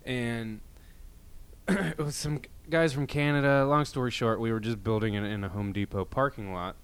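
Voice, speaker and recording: A man's voice: medium pitch, steady tone, moderate pace, smooth. A man co-hosting a podcast, telling rambling stories in casual, profane chat with many restarts. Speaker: podcast co-host.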